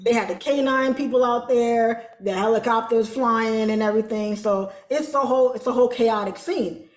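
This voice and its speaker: A woman telling a story as an interview guest, animated and colloquial, acting out quoted voices. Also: on the high side, moderate pace, echoey room. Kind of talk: casual storytelling.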